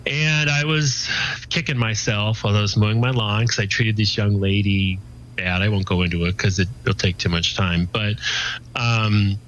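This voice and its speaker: A man's voice: fairly low pitch, fairly even intonation, moderate pace, fairly bright tone, dull audio, slight background noise. A man in his forties, a guest telling his personal faith testimony in casual, earnest talk, full of "you know" and restarts.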